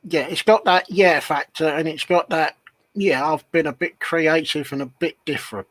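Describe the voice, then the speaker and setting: A man's voice: on the high side, moderate pace, fairly bright tone, dry recording, low-quality recording. A man co-hosting a casual live-stream chat, agreeable, with many short yeahs. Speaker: co-host.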